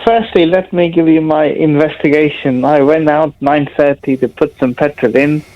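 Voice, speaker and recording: A man calling in to a radio phone-in, talking in an excitable, rambling way and repeating himself. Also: fairly high pitch, normal speed. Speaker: caller. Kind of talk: phone-in call. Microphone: telephone. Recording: dull phone line.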